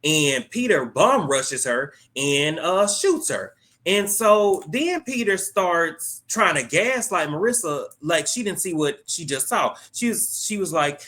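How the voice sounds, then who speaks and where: A man's voice: fairly high pitch, lively intonation, slow, fairly bright tone. A man hosting his own channel, casually recapping a TV episode in a slangy, joking way as he retells the plot's dialogue.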